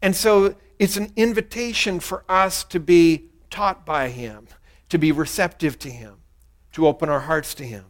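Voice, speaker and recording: A male pastor delivering a sermon, his voice sitting noticeably high for a man. He speaks earnestly and leads the listeners through a short prayer for them to repeat. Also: a little slow.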